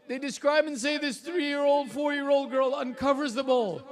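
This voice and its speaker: A man's voice: very high-pitched, moderate pace, few pauses. A male preacher reciting a mournful, elegiac sermon that swells into impassioned cries.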